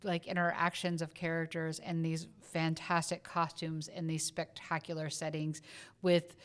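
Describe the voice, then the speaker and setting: Low, smooth woman with a subtle Southern accent. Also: completely flat delivery, measured pace. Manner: thinks aloud, many fillers and restarts. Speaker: podcast co-host. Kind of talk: casual film review chat.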